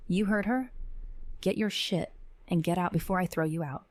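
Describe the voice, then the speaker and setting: A woman reading a horror story voices a protective young man who speaks softly and reassuringly. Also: fairly low pitch, normal speed, no echo, close to an everyday voice. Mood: stern.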